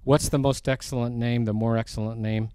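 A man's voice: medium pitch, steady tone, dark tone, smooth, dry recording. A man teaching a sermon verse by verse, reading scripture aloud and rising in force on the quoted lines. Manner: slow, deliberate, rising for emphasis on quoted scripture. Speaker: preacher.

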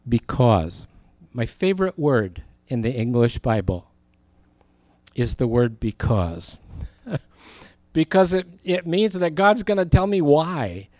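A man's voice: medium pitch, sing-song, slow, a little mellow, no echo. Earnest pastor man teaching scripture. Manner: earnest, reads scripture aloud with emphasis. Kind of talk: Bible teaching.

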